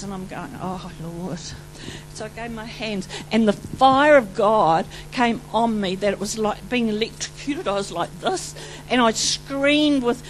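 Speaking high and veering from loud exclamations to quiet asides, a woman preacher from New Zealand gives an excited, rambling testimony sermon. The low-quality recording carries a faint hum underneath.

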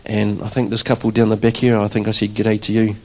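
Quick-paced and lowish in pitch, a church drummer offers a conversational testimony to his congregation on a low-quality recording. He tells it with animation, acting out his own reactions in quoted lines.

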